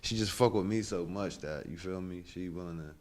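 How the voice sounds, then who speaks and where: A man in casual chat who talks in a hesitant, halting way. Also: sits low, darkish tone.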